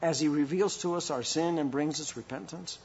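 A man's voice: fairly high pitch, brisk, darkish tone, highs cut off, slight background noise. A man preaching a sermon as pastor, with impassioned rhetorical questions and a delivery that rises and falls.

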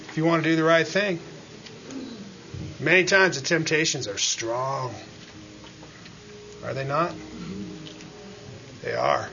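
A man preaching a sermon as pastor, dropping to quiet asides and then climbing into loud, rising pleas, often calling out "Amen?" to the congregation. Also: fairly high pitch, a little hiss or hum, poor audio.

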